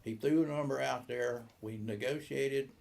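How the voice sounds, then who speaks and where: Gravelly older man telling a story. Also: mid-range voice, moderate pace, darkish tone. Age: 70s. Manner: rambling anecdotal, acts out quoted dialogue. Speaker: boat shop owner. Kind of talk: storytelling interview.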